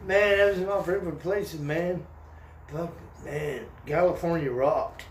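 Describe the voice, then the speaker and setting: A man's voice: fairly high pitch, a little slow, recorded from a distance. An older man from Oklahoma in casual, profane, rambling chat. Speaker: stream host. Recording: echoey room, voice from off mic, faint noise.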